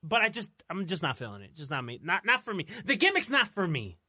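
A man's voice: sits high, wildly swooping pitch, fast, bright, forceful tone, slightly rough, no room sound, studio quality. A man co-hosting a casual wrestling talk show, explaining things loosely with laughs. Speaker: podcast co-host. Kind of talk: casual chat.

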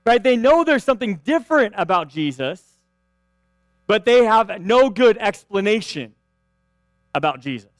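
A man's voice: very high-pitched, dry recording. A man preaching a sermon in a conversational way, often asking "right?" and restarting his phrases. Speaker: pastor.

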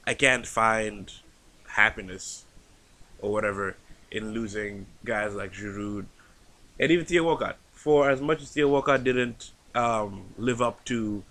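A man's voice: fairly low pitch, unhurried, bright, forceful tone. A man co-hosting a casual podcast, joking and swearing as he teases his friend. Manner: joking, profane, teasing. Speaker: podcast co-host. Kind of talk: casual banter.

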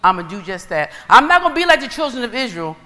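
Bright-voiced woman preaching in a reverberant hall. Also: on the high side, fast. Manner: animated storytelling, acting out dialogue. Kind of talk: sermon.

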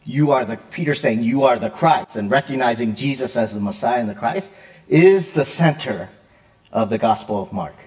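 A male pastor preaching a conversational sermon, lively and quick, with fillers and frequent "right?" check-ins. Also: mid-range voice. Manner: quick, with fillers and self-corrections.

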